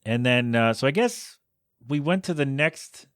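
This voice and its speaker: A man's voice: medium pitch, expressive, unhurried, fairly bright tone, clear, resonant tone, no echo. A man with a mid-range voice hosts a podcast, recapping a movie in a loose, chatty way. He keeps throwing out rhetorical questions and exasperated asides. His voice sits close to a podcast mic in a dry, dead-sounding space. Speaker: podcast host. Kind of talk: casual movie review.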